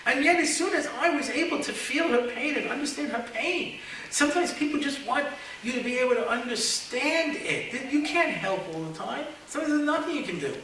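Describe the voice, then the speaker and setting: High-voiced rabbi in an echoey hall. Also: male voice, animated, brisk, sharp tone. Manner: storytelling, joking, folksy asides. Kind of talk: memorial lecture with humorous anecdotes. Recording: echoey room, distant mic, background noise.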